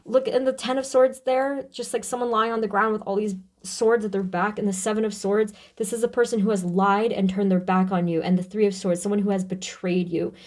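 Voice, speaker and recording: A woman reads tarot cards in a loose, casual way. She stops and restarts often, full of fillers and feeling. Her voice sits in a middle pitch with a mellow, warm tone. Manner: emotional, halting, many fillers and restarts. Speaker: tarot reader. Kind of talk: casual channeling tarot reading.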